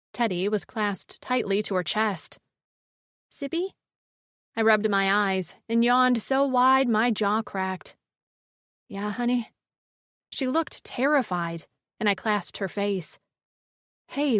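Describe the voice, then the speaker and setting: A woman reads a first-person fantasy romance audiobook with an expressive storytelling delivery. Her voice sits at a middling pitch, and the recording is dry and close to the mic. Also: no echo. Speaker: audiobook narrator. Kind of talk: first-person fiction narration.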